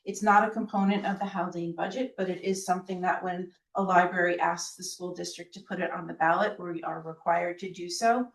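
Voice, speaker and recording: A slightly hoarse woman, a school district official, presenting a budget in measured, explanatory speech with frequent ums. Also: lowish voice, fairly even intonation. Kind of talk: budget presentation at a public meeting. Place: school board meeting room. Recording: roomy meeting room, from a distance.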